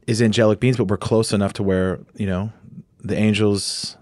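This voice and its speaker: A man, a guest co-hosting a podcast, chatting casually and explaining his ideas in an animated, rambling way. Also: fairly low pitch, normal speed, dry recording, studio quality. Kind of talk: casual conversation.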